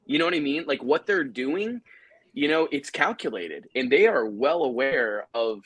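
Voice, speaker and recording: A man's voice: mid-range voice, expressive, normal speed, a bit bright, slightly rough, no echo. A man hosting a live commentary chat, joking and rambling with lots of fillers. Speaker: host.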